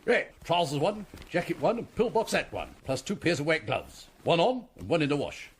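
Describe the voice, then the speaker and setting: An actor playing a bossy, officious commissionaire sergeant in a radio comedy. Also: male voice, fairly high pitch, very animated, moderate pace, slight background noise. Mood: pompous. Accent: former Cockney, now put-on posh. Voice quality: pompous, officious. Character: bossy, fussy male commissionaire sergeant, middle-aged.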